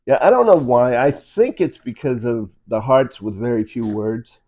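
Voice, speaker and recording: A man's voice: mid-range voice, animated, moderate pace, dark tone, lo-fi sound. Rambling, easygoing man co-hosting. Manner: rambling, conversational, with fillers like "you know". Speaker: co-host. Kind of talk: casual chat. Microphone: phone.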